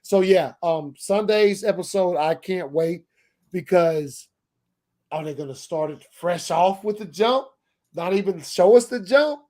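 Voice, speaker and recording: A man's voice: high voice, unhurried, dark tone. A man hosting a live-streamed show, talking loosely with lots of restarts and swearing. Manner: loose, profane, rambling with many restarts. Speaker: podcast host. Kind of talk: casual chat.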